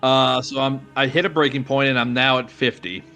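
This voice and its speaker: A man's voice: mid-range voice, steady tone, a little fast, sharp tone, faint music behind. A man playing a tabletop horror game, plainly reporting his rolls and actions. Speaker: player. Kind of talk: casual tabletop game chat.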